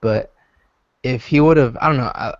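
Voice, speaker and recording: A young man chats on a podcast, circling his point with fillers and restarts. The sound is dry and close, a little dull and lo-fi, and his voice sits at an ordinary pitch for a man. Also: a little slow, no echo. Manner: hesitant, rambling with many fillers. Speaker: podcast co-host. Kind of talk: casual chat.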